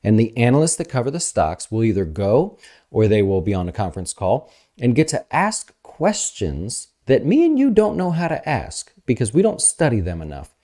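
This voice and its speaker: An investment advisor host offers casual, energetic market commentary in a medium-pitched voice. He talks fast and uses plenty of fillers.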